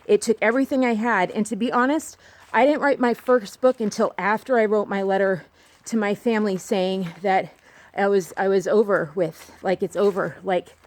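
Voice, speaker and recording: A woman's voice: mid-range voice, a little mellow. A woman vlogging outdoors on a walk, talking earnestly and rambling with many restarts. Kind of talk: candid personal monologue.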